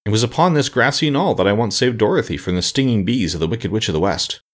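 A man doing a gentle scarecrow king. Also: on the low side, lively intonation, fast. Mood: reflective. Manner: gentle, thoughtful, soothing. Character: kindly, wise male straw scarecrow king.

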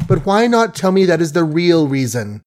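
A man reading an audiobook, voicing a proud, quick-tongued young woman in a raised voice with brisk, emphatic delivery. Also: a little high, big pitch swings, a little mellow, pitched above the performer's own voice. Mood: spirited.

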